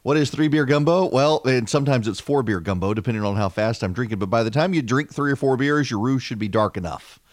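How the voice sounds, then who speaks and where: A man, hosting a talk radio show in an animated, wry way with frequent fillers. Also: medium pitch, fast talker, hardly any pauses. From Louisiana. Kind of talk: opinionated talk radio monologue.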